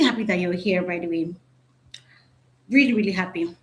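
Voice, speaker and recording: A woman's voice: on the low side, moderate pace, long pauses. A woman teaching a live online class over a video call, chatty and often checking in with "right?". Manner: chatty, repeats "right?", asks the audience.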